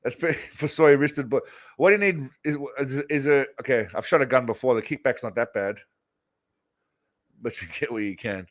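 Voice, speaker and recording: A man with a mid-range voice talks at a moderate pace while hosting an informal show where he reacts to video clips. His commentary is crude and meandering, packed with swearing.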